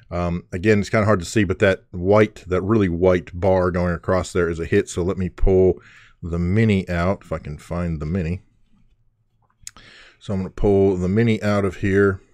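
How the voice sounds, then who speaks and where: A man's voice: lowish voice, no room sound, clean studio sound. A man hosting a live-streamed trading card break, calling out each card and who gets it, and gushing when he pulls a good one. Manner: excitable, gushing over pulls, filler-heavy; calls out cards and owners in a running list.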